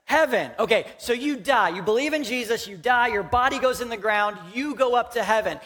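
A man's voice: very high-pitched, brisk, fairly bright tone. A young man from Houston, Texas, giving a conversational, joking sermon as a pastor in a church and talking directly to the congregation.

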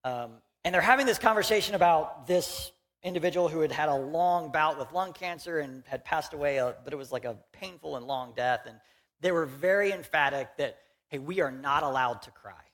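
A man's voice: on the high side, fairly quick, a bit bright. A young man from Houston, Texas, giving a conversational, joking sermon as a pastor in a church and talking directly to the congregation.

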